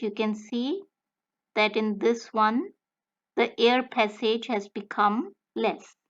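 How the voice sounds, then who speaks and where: A woman language tutor giving a slow, deliberate step-by-step explanation of pronunciation. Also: a little high, a bit bright, highs cut off. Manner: slow, deliberate, breaks words into careful phrases.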